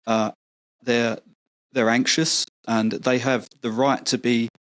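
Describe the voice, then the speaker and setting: A man's voice: mid-range voice, little pitch movement, slow pace, fairly bright tone, no room sound. A man as a podcast guest, earnest and persuasive, often stumbling and repeating words. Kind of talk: casual podcast conversation.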